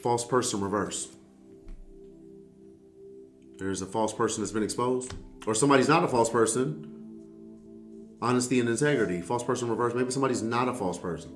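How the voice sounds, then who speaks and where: A man's voice: medium pitch, fast talker, faint music behind. Sassy, blunt male tarot reader. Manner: sassy, blunt, profane, talks straight to the viewer. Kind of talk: casual tarot reading.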